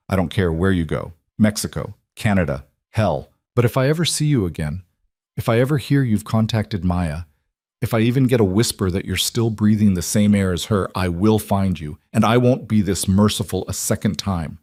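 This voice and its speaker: A man voicing a cold, controlled mafia boss who speaks in low, clipped commands. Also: a little mellow, no room sound, clean studio sound. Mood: menacing.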